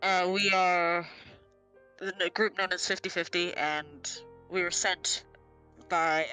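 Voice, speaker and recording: A woman player speaking in character, hesitant and halting. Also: lowish voice, steady tone, pushed and bright, soft background music, rough recording. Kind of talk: speaking in character at a tabletop game.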